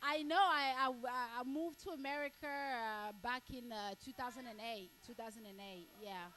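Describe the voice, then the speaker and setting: A woman from Cameroon doing stand-up crowd work, blunt and crude, repeating herself and breaking into shouts. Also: a little high, normal speed. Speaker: stand-up comedian.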